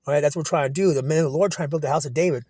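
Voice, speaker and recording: A man giving an informal scripture breakdown on a cell phone, rambling and profane with many restarts, reading verses slowly. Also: a little high, dark tone, dry recording. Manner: reads verses slowly in old-style diction. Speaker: self-taught scripture teacher.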